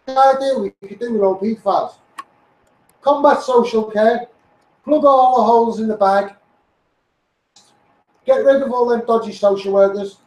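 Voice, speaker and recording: Man, mixed Scouse and Essex accent, impassioned live-stream rant, high voice, roomy echo. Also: steady tone, normal speed, pauses often, distant mic. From England. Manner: ranting, greets viewers by name, repeats himself. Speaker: campaigner live-streaming to followers.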